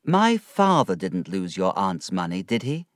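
A man voicing a gentle, worried young woman in a read-aloud story, in a soft, raised voice. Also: deep voice, sing-song, a little slow, dry recording, studio quality. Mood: concerned.

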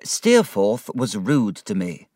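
A man's voice: lowish voice, huge pitch swings, slow pace, darkish tone, dry recording, studio quality, full character voice. A man voicing a poor, patient male schoolteacher in a storybook reading, firm and earnest. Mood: weary.

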